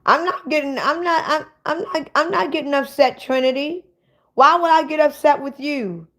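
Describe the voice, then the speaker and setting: A woman's voice: high-pitched, normal speed, fairly bright tone. A woman hosting a casual livestream, bluntly ranting and swearing at viewers in the chat. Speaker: livestream host.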